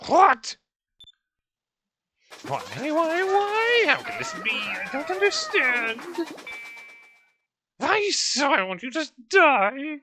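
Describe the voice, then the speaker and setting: A woman's voice: high-pitched, big pitch swings, takes it slowly, bright, forceful tone, soft background music, exaggerated voice. A woman voicing a gloating, scheming male villain during a game playthrough, theatrical and shifting between sneers and panic. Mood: furious. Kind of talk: voicing game dialogue during a let's-play.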